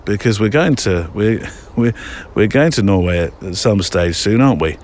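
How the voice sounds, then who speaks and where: A man's voice: on the low side, animated, normal speed, darkish tone, slight background noise. A middle-aged man hosting a photography podcast in a casual, rambling, self-deprecating way, with many fillers. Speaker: podcast host. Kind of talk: casual chat.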